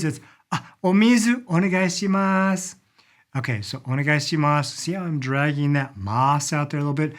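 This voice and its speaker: A middle-aged man giving a casual spoken language lesson, lively, acting out polite phrases as he goes. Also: medium pitch. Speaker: language teacher.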